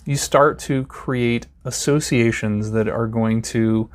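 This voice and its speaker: A man in the middle of his usual pitch range explains emotional psychology in a relaxed, conversational way. He talks through everyday examples and breaks into little acted voices to show a point. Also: takes it slowly. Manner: casual, uses acted example voices and fillers. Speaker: presenter teaching emotional psychology. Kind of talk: explanatory talk to camera.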